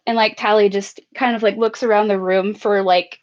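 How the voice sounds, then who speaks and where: A woman playing a tabletop role-playing game, describing her character's actions in a giggly, animated way. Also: mid-range voice, normal speed, muffled recording. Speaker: player. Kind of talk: tabletop role-play narration.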